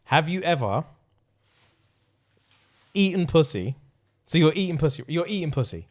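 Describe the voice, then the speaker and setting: A man's voice: a little high, sing-song, moderate pace, darkish tone. A man co-hosting a podcast, joking crudely and laughing through casual chat. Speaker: podcast co-host.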